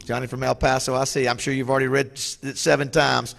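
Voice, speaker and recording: A man's voice: mid-range voice, level tone, fast talker, gravelly, a bit bright. A man interviewing a guest on stage, asking loose, conversational questions with asides to the audience. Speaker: interviewer, club moderator.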